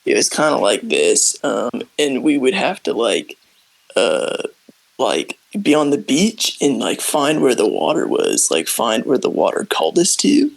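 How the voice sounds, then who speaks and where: Man, tabletop player, gravelly fry, very swooping pitch, slow drawl, laid-back slang. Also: big pitch swings, poor audio. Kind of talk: casual tabletop role-play.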